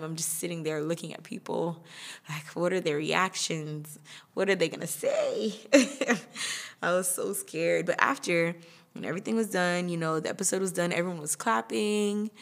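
A young woman with a slightly low voice talks through her year on her own podcast. She is chatty and laughs often, and she slips into other people's voices when she quotes them. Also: normal speed. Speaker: podcast host. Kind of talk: casual personal monologue.

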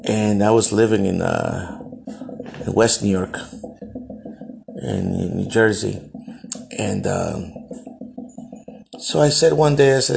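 Male podcast host from El Salvador; gravelly, low voice; blunt, profane storytelling monologue with frequent restarts. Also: slow, long pauses, noisy background.

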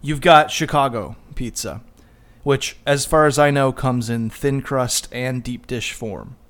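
A man's voice: medium pitch, a little slow, a bit bright. A man co-hosting a podcast, chatting casually with a teasing, laid-back manner and frequent laughter. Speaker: podcast co-host.

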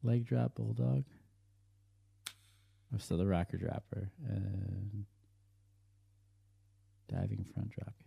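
A man streaming a wrestling video game, reacting loudly and swearing casually as he calls the moves. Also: lowish voice, takes it slowly, creaky, long pauses, slightly rough, no echo. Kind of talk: excited gameplay commentary. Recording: game crowd and sound effects loud behind the voice. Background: loud wrestling game crowd and impacts.

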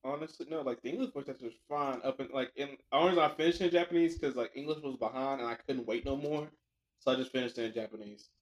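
A man's voice: medium pitch, quick pace, rough recording. A young man co-hosting a podcast, telling a rambling story in casual chat with lots of filler words. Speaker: podcast co-host.

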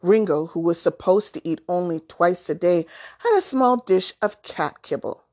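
A woman narrating a children's story aloud in a calm, deliberate way. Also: lowish voice.

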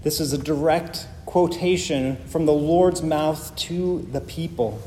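A man's voice: a little high, takes it slowly, dark tone, a little hiss or hum. A male pastor preaching a sermon, emphatic and building his points through repeated phrases. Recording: long reverb of a large hall.

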